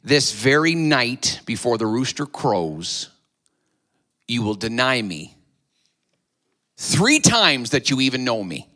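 A man's voice: medium pitch, sing-song, slow, long pauses, bright, forceful tone. A man preaching a sermon to his church, retelling a story dramatically and acting out the voices. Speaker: pastor.

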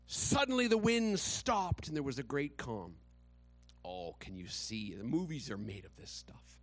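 Male pastor preaching slow, kinda high voice, chatty and storytelling, dry close sound. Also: big pitch swings, fairly bright tone, dry recording. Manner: conversational, dramatic storytelling with humor. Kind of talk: sermon.

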